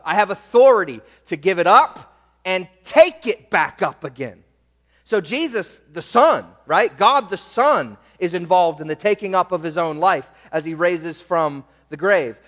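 A man's voice: sits high, a bit bright, long reverb tail. A man preaching a sermon, emphatic, drawing out key words and checking in with the congregation. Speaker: pastor.

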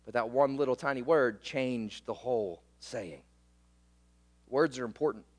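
A man's voice: mid-range voice, measured pace, big-room sound. A male pastor preaching a sermon in a conversational, emphatic way, often repeating words and returning to short refrains.

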